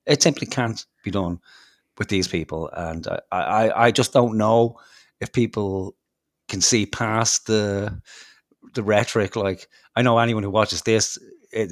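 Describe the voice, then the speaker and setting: A low-pitched Irish man, heated and foul-mouthed as he rants about politics on his podcast. His delivery is sarcastic and mocking, and the recording is dry and close, with almost no room sound. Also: dry recording. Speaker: podcast co-host. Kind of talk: casual political rant.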